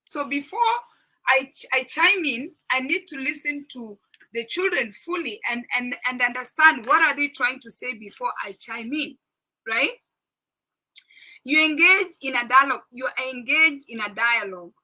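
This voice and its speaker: A middle-aged woman with a very bright, sharp tone and a slightly high voice talks through a parenting book. She is earnest and instructive, repeats key points for emphasis and checks in with her listeners. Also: moderate pace, low-quality recording. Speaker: parenting talk host. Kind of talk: informal talk discussing a parenting book.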